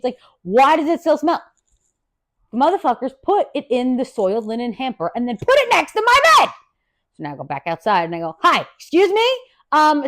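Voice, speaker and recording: A woman hosting a podcast, telling a wild story in a casual, profane rant, swinging from loud and laughing to low, quiet asides. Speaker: podcast host.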